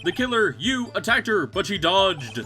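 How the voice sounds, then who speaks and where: A flustered, self-important male witness stammers through his answers, as a man puts him on. The voice sits raised and swings about nervously. Video game music plays clearly underneath. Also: high-pitched, sing-song, moderate pace, bright, forceful tone, pitched above the performer's own voice, full character voice.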